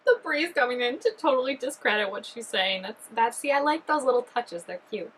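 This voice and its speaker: A woman chatting excitedly through a reaction video, full of fillers and giggly asides. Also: a little high, moderate pace, slight background noise, low-quality recording. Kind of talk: casual reaction commentary.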